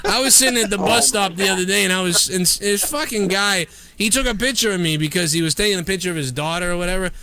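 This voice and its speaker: Male live-stream host, high and bright, crude and profane, rambling off-the-cuff banter. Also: fast, few pauses, slight background noise.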